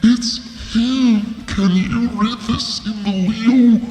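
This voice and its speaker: Guy doing a squeaky mock impression, drags every word out, roomy echo, faint music behind. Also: steady tone, darkish tone, exaggerated voice. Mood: teasing. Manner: slow, drawn-out, teasing. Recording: echoey, roomy, from the mic.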